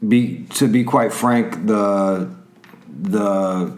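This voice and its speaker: A man with a fairly low voice answers as a guest writer, blunt and dry in his remarks. His voice carries an echo, as in a roomy space. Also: extremely slow, darkish tone. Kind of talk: casual interview chat.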